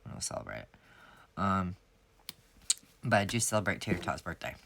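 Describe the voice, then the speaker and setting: A woman's voice: rumbling low, big pitch swings, fairly quick, gravelly, fairly bright tone, a little hiss or hum. A woman, chatting casually to her viewers as she sets up a planner, rambling and friendly. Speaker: planner sticker shop owner. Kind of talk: casual planner setup vlog.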